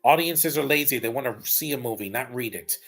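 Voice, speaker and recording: A man's voice: mid-range voice, expressive, a little fast. A man giving casual, blunt and rambling live commentary while rewatching a film. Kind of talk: casual opinionated watch-along commentary.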